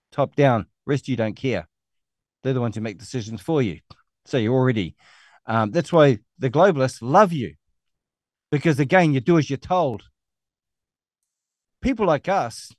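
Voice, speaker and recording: A man's voice: on the high side, a little mellow, dry recording. A middle-aged man with a New Zealand accent hosts an online show, ranting angrily and scornfully with a lot of swearing. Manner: angry, scornful, profane ranting. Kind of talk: ranting monologue.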